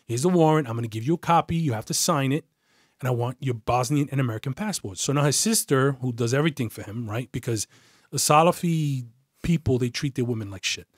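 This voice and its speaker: The speaker is a middle-aged man who used to be a police detective, telling a story bluntly and profanely while voicing the people in it. He's an animated, fast talker with a mid-range, breathy-edged voice, and the casual interview is recorded dry at studio quality.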